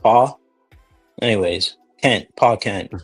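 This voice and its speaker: A man's voice: on the low side, slow, husky, faint music behind. A man hosting a casual chat, rambling and joking through tangents.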